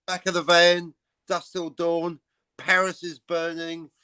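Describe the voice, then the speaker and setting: A man's voice: fairly high pitch, monotone, slow, sharp tone, clean tone. A man chatting as a panel guest, enthusiastic and scattered, trailing off as he recalls bands. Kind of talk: casual panel chat.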